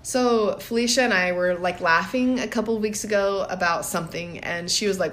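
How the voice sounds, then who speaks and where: A woman's voice: on the low side, steady tone, normal speed. A woman in her thirties co-hosting a casual podcast chat. She tells personal stories reflectively and laughs often. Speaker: podcast co-host.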